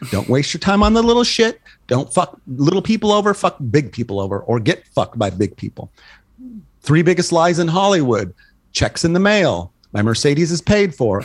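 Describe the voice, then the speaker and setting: A medium-pitched man in his sixties, recorded with no echo, guests as a photographer on a casual podcast. He's an animated storyteller who tells profane tales, acts out the dialogue and laughs at his own punchlines.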